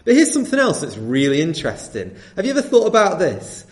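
A man preaching a sermon, swinging between loud urging and quiet, earnest appeals to his listeners. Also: fairly high pitch, huge pitch swings, fast. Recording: echoey room.

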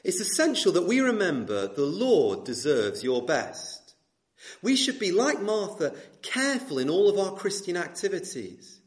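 A man's voice: high voice, sing-song, a little slow. A man in his twenties preaching a sermon to a congregation, asking rhetorical questions and repeating phrases for emphasis. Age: 20s. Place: church hall with congregation.

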